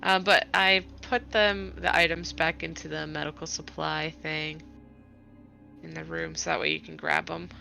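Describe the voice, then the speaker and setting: Bright-voiced woman narrating her character. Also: sits low, vocal fry, faint music behind, rough recording. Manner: lively and giggly, quick asides. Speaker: player. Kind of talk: describing a character's actions in a tabletop game.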